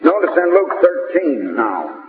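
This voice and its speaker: A man preaching a sermon to his congregation, reading scripture aloud in slow, measured emphasis with pauses and an occasional "uh". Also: a little high, wildly swooping pitch, faint music behind. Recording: tinny old radio broadcast with long echo.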